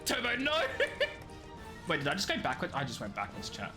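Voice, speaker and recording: Man, 20s, lively pitch, excitable, laughs a lot, game music behind. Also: fairly quick. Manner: excitable, laughs often, rambling restarts. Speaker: streamer. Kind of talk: casual gameplay chat.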